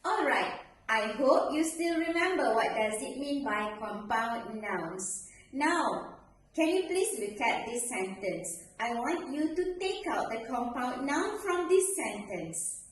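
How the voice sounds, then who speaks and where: A woman teacher with a high, sing-song voice walks pupils through a grammar lesson, slowly and clearly. She sounds distant from the mic in a very echoey room with faint background noise. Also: expressive. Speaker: primary school English teacher.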